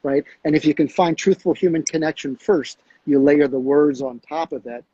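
A man hosting a casual conversation who tells anecdotes in an animated, storytelling manner. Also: fairly high pitch, moderate pace, husky, muffled recording.

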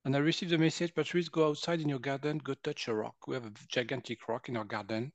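A man's voice: medium pitch, fast talker, no echo. A man in his fifties from France with a French accent, a guest energy healer animatedly telling personal stories and acting out quotes. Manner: animated, acts out quotes, laughs often. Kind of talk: personal storytelling in conversation.

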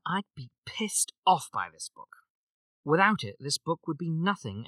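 A man's voice: on the high side, bright, forceful tone, dry recording, exaggerated voice. A man voicing a sneering British book critic in a put-on British accent, reading in a mocking, exaggerated way.

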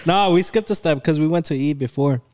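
A man's voice: on the high side, a little fast, a little mellow. Young man teasing, switching English and Spanish. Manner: switches between English and Spanish, laughs and teases. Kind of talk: casual chat among friends.

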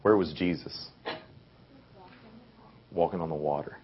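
A young man with a deep, husky voice talks to a youth group like he is chatting with friends, restarting phrases and tossing in fillers as he goes. The recording sounds dull and lo-fi. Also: fairly even intonation, a little slow. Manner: casual, conversational preaching with many fillers and restarts. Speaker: youth speaker. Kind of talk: youth sermon.

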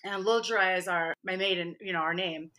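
Bright-voiced chatty woman guest. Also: lowish voice, a little fast. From Michigan, USA. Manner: chatty, laughs often, acts out quotes. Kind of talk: casual interview chat.

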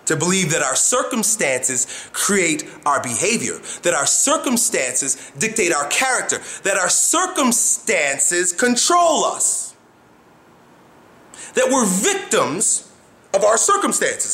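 A man giving a motivational talk to camera as an animated storyteller who acts out faces and sounds. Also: high-pitched, a little slow. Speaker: motivational vlogger.

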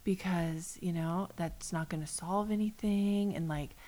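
A woman co-hosting a podcast, chatting casually and animatedly, dropping into hushed asides. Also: lowish voice, measured pace. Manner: animated, drops into hushed asides and mock voices. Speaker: podcast co-host. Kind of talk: casual chat recapping a reality show.

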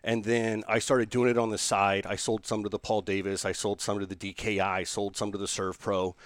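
A man, a business owner telling a lively story in an interview, restarting sentences and acting out the people he quotes. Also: lowish voice, a little fast, dry recording.

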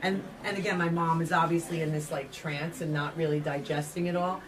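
A woman guest retelling a family story quickly and with laughter. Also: low-pitched, steady tone, a crowd in the background. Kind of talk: storytelling in a panel talk. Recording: distant mic with loud noise.

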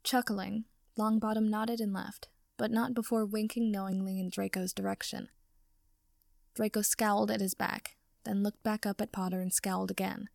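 Gravelly woman reading a story. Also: medium pitch, moderate pace, no echo, clean studio sound. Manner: steady storytelling narration. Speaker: audiobook reader. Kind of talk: fan fiction reading.

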